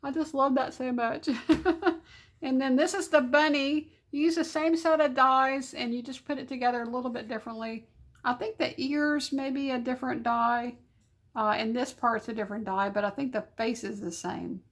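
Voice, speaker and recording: Bubbly high-voiced woman. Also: fairly even intonation, moderate pace. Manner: bubbly, giggly, sweet-talking. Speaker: papercraft channel host. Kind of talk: casual vlog chat. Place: home.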